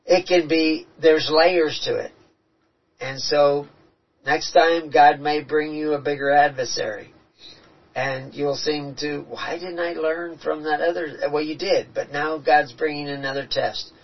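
A man's voice: a little high, steady tone, measured pace. A man telling earnest, reflective stories about his spiritual experiences in a casual talk. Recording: dull, distant-sounding recording.

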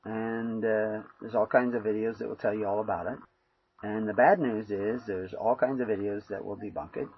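A man's voice: fairly low pitch, fairly even intonation, normal speed, slightly rough, dull audio. A man giving a rambling, conversational sermon full of fillers. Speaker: preacher. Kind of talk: informal sermon.

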